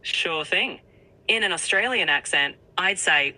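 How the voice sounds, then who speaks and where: Synthetic woman assistant voice: upbeat and polished, low-pitched but very bright. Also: animated, measured pace, low-quality recording.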